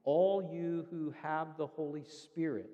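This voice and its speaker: A male pastor preaching with a slightly raised pitch and an earnest teaching manner. He walks through scripture step by step. His voice rings with the long reverb of a church sanctuary. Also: fairly even intonation, slow pace, highs cut off. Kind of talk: sermon.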